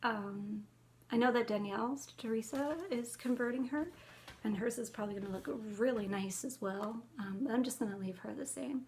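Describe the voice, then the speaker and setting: A middle-aged woman chatting casually about her cross-stitch haul, chatty and excitable. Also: fairly high pitch, moderate pace, a little hiss or hum.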